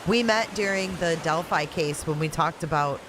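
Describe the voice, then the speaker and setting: Riding out a hurricane at home in Florida, the Michigan-accented host keeps her casual live-chat stream going, answering one viewer comment after another. She speaks at a moderate pace in a low-pitched voice, with background noise present.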